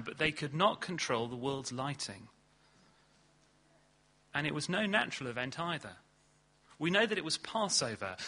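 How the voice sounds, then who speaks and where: A man preaching a sermon in earnest, leaning hard on key words and then dropping low and slow. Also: bright, forceful tone. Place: church hall.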